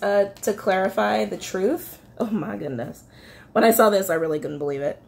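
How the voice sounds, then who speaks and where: A woman's voice: mid-range voice, fairly quick, creaky, a little mellow. A woman giving a casual tarot reading to her viewers, chatty and rambling, with many fillers and self-corrections, getting emotional as she talks. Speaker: tarot reader.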